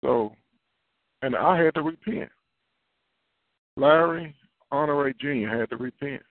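A man's voice: medium pitch, unhurried, no room sound. A man preaching an earnest, confessional sermon, repeating his key phrases as he goes. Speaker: prophet preaching. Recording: tinny phone-line sound, dry.

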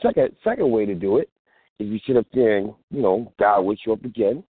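Husky-voiced man preaching over a phone line. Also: lowish voice, expressive, brisk, no echo. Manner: preachy street-talk, acts out phone calls. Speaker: host. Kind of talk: casual call-in show monologue. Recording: tinny phone-line sound.

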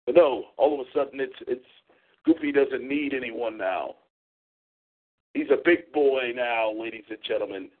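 A man's voice: mid-range voice, moderate pace. A man hosting a talk show, ranting in a profane, mocking, confrontational way. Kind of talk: angry call-in show rant. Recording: tinny phone-line audio.

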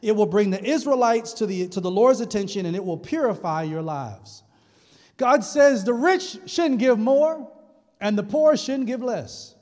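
A man's voice: high voice, expressive, a little slow, darkish tone. A male pastor preaching a sermon, retelling scripture in a casual, humorous way. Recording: long hall reverb.

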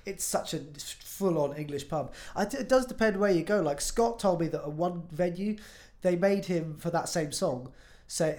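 A man's voice: fairly high pitch, moderate pace, hardly any pauses, a little mellow. A young man, a musician guest, chatting casually on a podcast, swearing freely and laughing easily.

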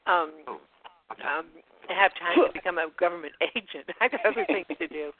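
A woman's voice: on the low side, moderate pace. Chatty woman host on a phone line. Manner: chatty, laughs often between remarks. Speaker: host of a community call. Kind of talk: casual phone chat.

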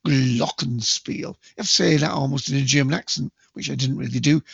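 A man hosting a solo podcast quiz in a chatty way, spelling out letters slowly and counting down to each answer. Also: mid-range voice, steady tone, vocal fry, slightly rough, dry recording, muffled recording. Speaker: quiz host.

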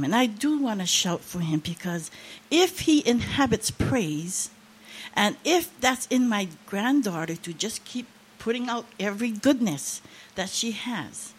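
A woman's voice: on the high side, sing-song, a little slow, a little hiss or hum. An older woman preaching a sermon, sharing an emotional testimony with rising, impassioned emphasis.

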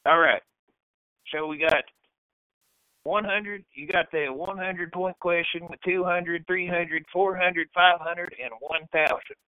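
A man runs a music quiz on a podcast, joking, with hesitant drawn-out patter. His voice sits a bit high. The sound is dry and thin like a phone line. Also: steady tone, smooth, no room sound. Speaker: podcast host. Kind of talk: casual chat, game-show hosting.

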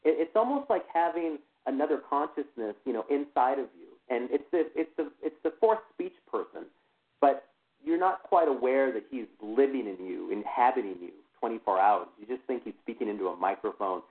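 A man tells his own story as an interview guest, stopping and restarting as he goes and leaning on "you know" between thoughts. His voice sits at an ordinary middle pitch. It comes through a thin, tinny phone line. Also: animated. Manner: halting, full of "you know" fillers and restarts. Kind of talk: personal account in an interview.

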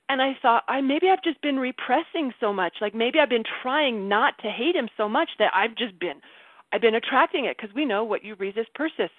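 A woman candidly telling a personal story on a group call, animated and laughing, often breaking off mid-sentence. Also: on the high side, fairly quick, no room sound. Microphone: video call. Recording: tinny phone-like call audio.

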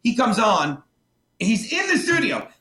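A man's voice: sits high, measured pace. A man telling a story as a comedian guest on a podcast. He swears a lot and acts out other people in quotes. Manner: profane, animated, mimics others in quotes. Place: podcast studio. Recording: roomy echo.

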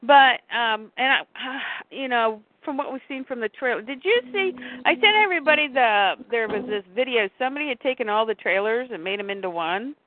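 A woman's voice: a little high, lively intonation, brisk, hardly any pauses, dry recording. A woman chatting casually as a podcast co-host, rambling and breaking off mid-sentence, acting out quotes as she goes. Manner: rambling, self-interrupting, acts out quotes. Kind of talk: casual chat. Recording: tinny phone-like line.

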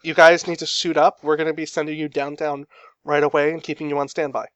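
Game master, male, higher-pitched, relaxed narration, dry dull lo-fi mic; brief: tabletop host voice. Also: fast talker, smooth, no room sound.

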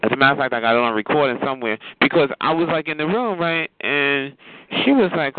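A man telling a sassy, animated story in casual chat, calling listeners honey and child. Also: fairly high pitch, quick pace. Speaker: chat line regular. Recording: tinny phone line.

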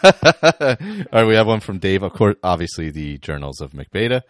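Deep-voiced man reading emails aloud. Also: very animated, moderate pace, dry recording, clean studio sound. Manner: laughs often, stumbles over words. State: out of breath. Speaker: podcast co-host reading listener emails. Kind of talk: casual podcast chat, reading aloud.

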